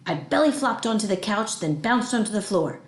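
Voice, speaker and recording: A woman reads a children's chapter book aloud with lively, expressive storytelling. Her voice sits at a middle pitch. The recording has an echoey room sound. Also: fairly quick. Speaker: audiobook reader. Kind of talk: reading a children's novel aloud.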